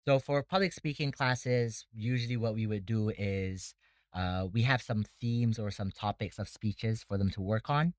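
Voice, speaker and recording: A man's voice: on the low side, no echo. A man who runs a debate academy, talking casually in an interview and explaining things step by step with many fillers. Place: Bangkok.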